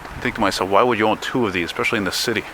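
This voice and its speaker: A vlogger with a lowish voice talks very fast, pushed and bright, as he walks the city grumbling and cursing to his camera. The casual outdoor recording on a handheld mic is full of wind and traffic noise.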